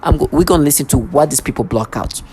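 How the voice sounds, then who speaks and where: A woman's voice: low voice, fast talker, warm tone, slight background noise. A woman in a heated monologue to camera, agitated and sarcastic, stumbling over restarts as she talks. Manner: sarcastic mocking asides. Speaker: vlogger.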